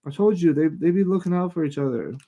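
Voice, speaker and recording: Warm and animated, slightly high in pitch, this male live-show host's voice comes through with the highs cut off. He stumbles through Bible readings, restarting lines and pausing to offer blunt, annoyed remarks.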